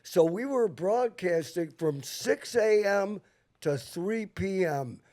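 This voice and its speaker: A male host leads a casual chat at an unhurried pace. He is blunt and swears freely, and his fairly high voice has a mellow, dark tone. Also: animated. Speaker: show host.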